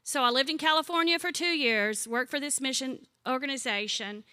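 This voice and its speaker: Speaking a little fast, a woman in her sixties with a bright, forward, fairly high voice runs a Bible study. She's a chatty, warm-humored storyteller whose conversational teaching mixes funny anecdotes with questions to the group.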